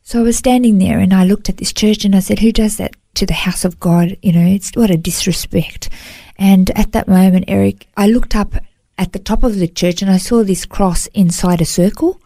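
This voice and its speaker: This is a woman speaking as an interview guest, recounting a personal testimony in an earnest, emotional way. Her voice is warm and mellow, and it sits at a middle pitch for a woman. The recording is dry and close, and she often drops in a "you know" as she tells it. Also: steady tone, normal speed, no room sound. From Australia.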